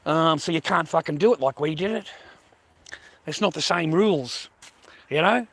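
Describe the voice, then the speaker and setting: A man's voice: a little high, normal speed, a bit bright. An Australian man livestreaming a rambling casual monologue, crude and profane, repeating himself and calling his viewers mate and boys.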